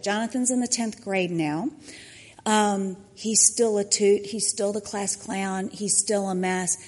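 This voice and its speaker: A woman's voice: medium pitch, a little mellow. A woman, a church mentor giving a personal testimony, acting out the quotes in her story. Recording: long hall reverb.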